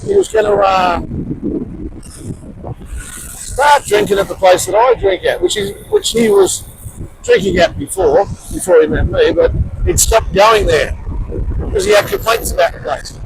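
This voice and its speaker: A man with an Australian accent telling a rambling story to camera as a vlogger, with loud emphatic bursts. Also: very high-pitched, huge pitch swings, unhurried, creaky, pauses often. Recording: street noise and traffic behind.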